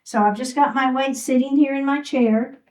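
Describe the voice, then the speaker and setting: Guiding a chair yoga class, this woman gives warm, encouraging cues for every move, one step at a time. She has a high voice with a steady, somewhat mellow tone, talks at a normal speed, and is a little winded. The audio quality is poor.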